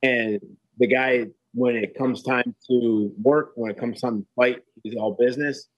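A man's voice: medium pitch, fairly even intonation, measured pace, dry recording, poor audio. A man talking casually as a guest, laid-back, with many fillers and restarts. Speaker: guest fighter. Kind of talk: casual chat.

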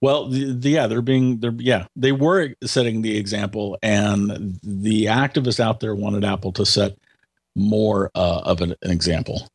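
A husky, fairly low voice with fairly even intonation and a slightly slow pace belongs to a tech commentator chatting casually. After much hesitating and restarting, he drives his point home emphatically.

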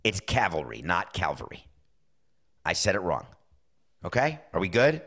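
A man's voice: low-pitched, sing-song, moderate pace, fairly bright tone. A man hosting a talk show, speaking in a wry, conversational way and briefly acting out quoted exchanges. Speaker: podcast host. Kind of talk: casual sports talk monologue.

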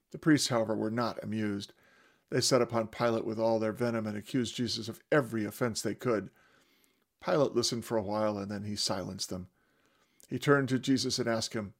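Gravelly man retelling scripture dramatically. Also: on the low side, fairly even intonation, brisk. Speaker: storyteller.

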